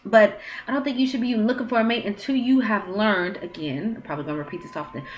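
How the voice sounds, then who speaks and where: A woman in her thirties talks straight to camera at home, giving dating advice. Her voice sits at an ordinary middle pitch. She is frank and chatty, acting out conversations and firing off blunt questions. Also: quick pace, slight background noise. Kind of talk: casual advice monologue. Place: at home, with her child nearby.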